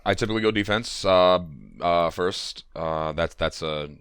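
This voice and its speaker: A man's voice: low-pitched, normal speed, a bit bright, smooth, no room sound, studio quality. A man co-hosting a casual gaming podcast, rambling enthusiastically with lots of "uh" and "like". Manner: rambling, many fillers, enthusiastic. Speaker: podcast co-host. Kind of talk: casual chat.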